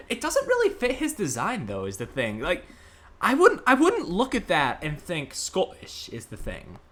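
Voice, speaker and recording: A man casually commenting while streaming a puzzle game, chatty and quick to laugh. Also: high voice, wildly swooping pitch, a bit bright, soft background music.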